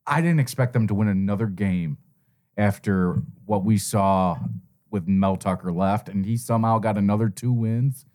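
A man co-hosts a sports talk show in loose, rambling chat. He talks through the games in an animated way and circles back on his points as he goes. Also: on the low side, normal speed. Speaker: co-host. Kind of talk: casual sports betting chat.

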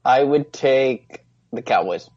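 A man's voice: mid-range voice, expressive, a little mellow, slightly rough, no room sound. A man co-hosting a casual sports chat, pushing back on the others' teasing. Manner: defensive, quick comebacks. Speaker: podcast co-host. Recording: dry, dull lo-fi sound.

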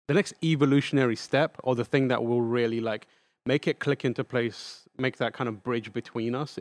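A man at an ordinary speaking pitch talks as a guest on a games podcast, working through his ideas out loud with plenty of likes and self-corrections. His voice sits close and dry on the mic. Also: no echo. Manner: thinks aloud with many likes and restarts. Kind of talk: casual podcast chat.

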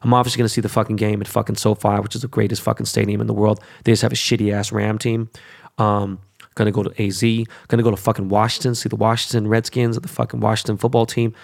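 A man's voice: lowish voice, little pitch movement, fast, creaky, darkish tone. A man ranting casually to his viewers about crypto and sports teams, rambling, hyped and full of swearing. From Korean descent stated, not origin. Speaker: vlogger. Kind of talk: casual rant to camera.

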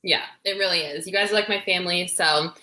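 Young female co-host, bubbly and giggly, bright tone. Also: on the low side, fast, reverberant. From Colorado. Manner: bubbly, laughs easily. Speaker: podcast co-host. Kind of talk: casual chat.

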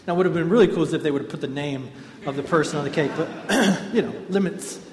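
A man delivers a sermon in a relaxed storytelling manner, his slightly raised voice carrying through a large hall with a long reverb tail. A faint room ambience sits underneath. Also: a little high, fast talker, background noise. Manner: storytelling, animated and conversational. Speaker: pastor.

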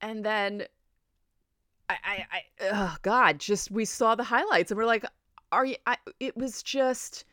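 A woman in her forties, a podcast host telling a story in a chatty, animated way. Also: mid-range voice, measured pace, dry recording, studio quality. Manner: animated, chatty, laughs often. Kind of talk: casual storytelling.

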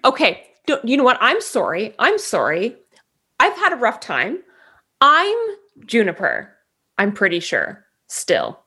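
A woman's voice: on the high side, huge pitch swings, unhurried, pushed and bright, husky, pitched above the performer's own voice, heavily acted. A woman voicing a confused, apologetic female adventurer, close to her own voice. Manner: apologetic and flustered.

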